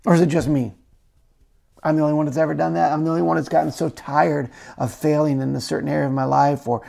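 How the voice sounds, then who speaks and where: A man preaching a sermon as pastor, telling the story conversationally with lively asides and frequent "uh" fillers. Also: on the high side, creaky. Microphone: camera-recorded talk.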